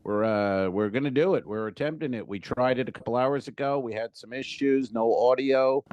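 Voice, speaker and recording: A man's voice: medium pitch, normal speed, darkish tone, muffled recording. A man co-hosting a comedy podcast, chatting casually and cracking loose jokes. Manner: loose, joking, riffs with asides. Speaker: podcast co-host.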